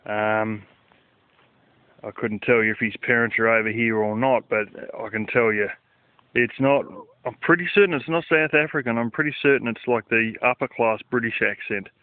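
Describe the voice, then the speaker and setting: A man chats loosely to camera, full of fillers and offhand swearing. His voice comes through a narrow, phone-like band with no room sound. He sits at a middle pitch and keeps an easygoing, rambling pace. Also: moderate pace, no room sound. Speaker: vlogger. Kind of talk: casual rambling monologue. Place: outdoors at night.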